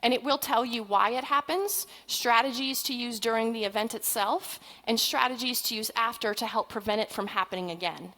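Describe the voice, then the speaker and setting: A woman in her forties speaks at a conference in a slightly high voice. She tells stories in a chatty, animated way and keeps the talk light with asides and self-deprecating humor. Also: brisk, hardly any pauses, rough recording. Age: 40s. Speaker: parenting trainer speaking at a conference.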